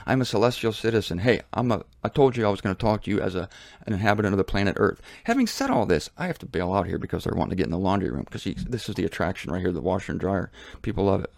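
A man hosting his own show, talking in a casual opinion monologue from a laundry room, emphatic and repetitive, with sudden jumps to a high pitch. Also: sing-song, racing, vocal fry, no echo. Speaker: show host.

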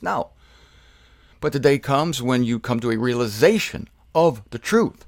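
A man's voice: medium pitch, no echo, clean studio sound. A man preaching a sermon, emphatic, posing rhetorical questions and answering them himself.

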